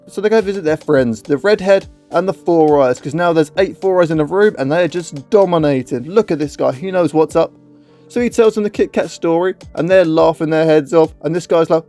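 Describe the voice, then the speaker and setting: A man's voice: fairly high pitch, brisk, darkish tone, faint music behind. A man narrating a comedic film recap in a crude, mocking, playful way.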